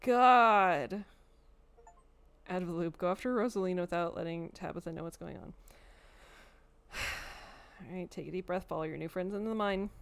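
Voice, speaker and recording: A woman's voice: lowish voice, moderate pace, pauses often, clean tone. Casual sweary woman streamer. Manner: casual, sweary, laughs often. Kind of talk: live game playthrough, reading aloud.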